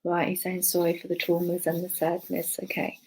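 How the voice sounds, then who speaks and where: Halting woman giving spirit messages. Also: fairly low pitch, monotone, husky, poor audio. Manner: halting and hesitant, with many fillers and restarts; murmurs softly to herself between messages. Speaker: spiritualist medium. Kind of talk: live online clairvoyance demonstration.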